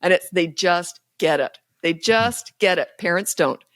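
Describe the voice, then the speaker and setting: A woman's voice: on the low side, lively intonation, a little slow, a bit bright, no room sound, clean studio sound. A woman speaking as a parenting coach guest in a casual podcast interview, blunt, emphatic and sure of herself. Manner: blunt, emphatic and self-assured.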